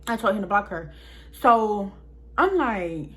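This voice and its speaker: A woman's voice: medium pitch, sing-song, takes it slowly, fairly bright tone. A young woman vlogger telling a story in a casual, chatty way, talking straight to her viewers.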